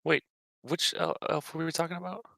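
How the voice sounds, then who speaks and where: A man playing a tabletop game in casual chat, questioning and quick to argue a point. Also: a little high, level tone, gravelly, pushed and bright, no room sound, low-quality recording. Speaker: player.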